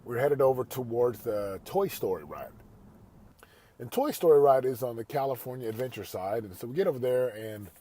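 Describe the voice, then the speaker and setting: A man's voice: medium pitch, animated, brisk, mellow. A man hosting a motivational podcast, telling a family story in an earnest, conversational way and turning it into a pep talk. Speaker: podcast host; father.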